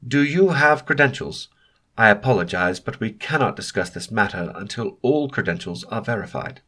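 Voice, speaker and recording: A man's voice: on the low side, lively intonation, moderate pace, a bit bright. A man voicing a polite but unbending male government official who speaks formally and insists on procedure.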